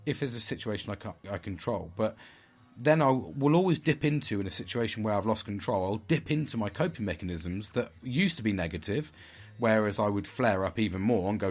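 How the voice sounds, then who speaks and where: A man's voice: lowish voice, expressive, brisk, breathy edge. A middle-aged man giving a candid vlog monologue, blunt and frank, with heavy swearing. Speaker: vlogger.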